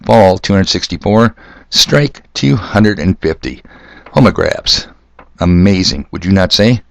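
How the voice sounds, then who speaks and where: A man's voice: sits low, lively intonation, measured pace, gravelly, dry recording. An older man hosting a solo podcast, talking in a sardonic, ranting way. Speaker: podcast host. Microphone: corded mic.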